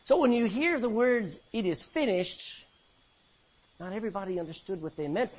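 A man preaching a sermon, animated, acting out voices from the scripture he reads. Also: high-pitched, fast talker, husky. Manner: animated, acts out biblical voices. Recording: dull lo-fi recording.

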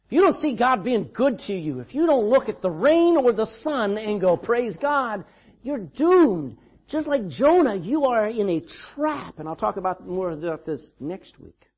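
A man's voice: high voice, very animated, moderate pace, slightly rough, lo-fi sound. A man preaching a sermon in a church, telling the story dramatically and with emphasis. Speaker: pastor.

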